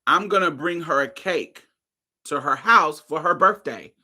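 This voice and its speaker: A woman hosting a podcast tells a story in a lively, swearing, dramatic way. Her voice swings widely in pitch and has a very bright, sharp tone. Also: unhurried. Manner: animated, profane, dramatic retelling. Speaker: podcast host. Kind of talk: casual storytelling.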